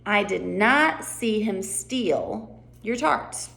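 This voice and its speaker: Brief: woman reading a nonsensical, slow-talking hat-maker, light creak. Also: medium pitch, lively intonation, a bit bright, full character voice. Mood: silly. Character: silly, rambling male hat-maker.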